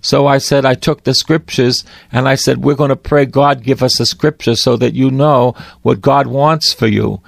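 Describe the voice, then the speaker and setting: A man's voice: medium pitch, steady tone, moderate pace, gravelly, few pauses, no echo, studio quality. A man, a priest, preaching on a broadcast in a fervent, pleading way, repeating his phrases.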